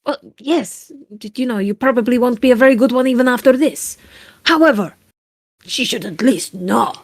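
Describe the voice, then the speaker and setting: A woman voicing a smooth-talking male pirate who teases bluntly. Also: a little high, moderate pace, dry recording, clean studio sound, voice pushed up. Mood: exasperated.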